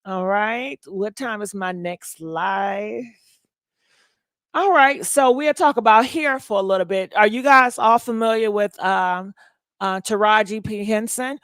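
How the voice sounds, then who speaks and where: A woman's voice: mid-range voice, measured pace, fairly bright tone, smooth, no echo. A woman hosting a casual gossip livestream, chatting and thanking viewers for donations. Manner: chatty, reads donations and comments aloud.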